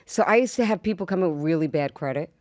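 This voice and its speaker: A woman hosting a casual podcast chat, telling stories in a candid, animated way. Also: on the low side, quick pace, no echo, studio quality. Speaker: podcast host.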